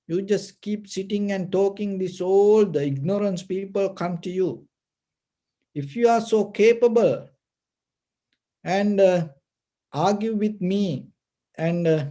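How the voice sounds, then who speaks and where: A man voicing a brash, angry young male gangster who shouts taunts at a monk in a told story. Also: high-pitched.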